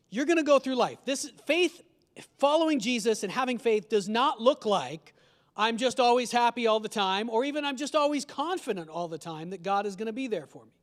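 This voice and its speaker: A male pastor preaching a sermon in a conversational way, asking his congregation questions. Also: extremely high pitch. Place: church sanctuary. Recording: long church hall reverb.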